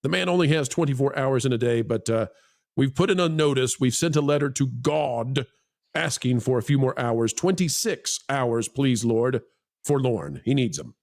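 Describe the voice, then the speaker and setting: A man with a mid-range, darkish voice and lively intonation hosts a casual live online panel at a moderate pace. Jokey and teasing toward his co-hosts, he rambles with fillers between plugs and reading donations.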